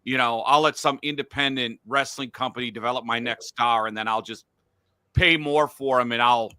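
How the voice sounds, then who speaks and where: A man's voice: mid-range voice, steady tone, moderate pace, bright, forceful tone, smooth, no room sound. A middle-aged man hosting a casual sports podcast from a home studio, blunt and profane when he rants. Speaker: podcast host.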